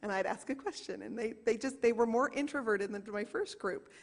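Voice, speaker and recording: A woman in her forties, a small group leader, telling an earnest personal story to a church congregation and slowing down to stress key moments. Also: fairly high pitch, creaky. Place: church sanctuary. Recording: reverberant church hall.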